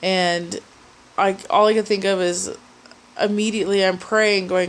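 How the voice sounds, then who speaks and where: Young woman, testimony speaker; halting, emotional delivery with frequent restarts. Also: medium pitch, fairly even intonation, slight background noise. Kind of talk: personal testimony.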